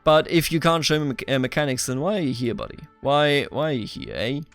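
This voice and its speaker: A man's voice: on the high side, fairly quick, a bit bright, soft background music. A young man giving casual, playful gameplay commentary as the host, chatting back at the characters on screen. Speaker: let's play host.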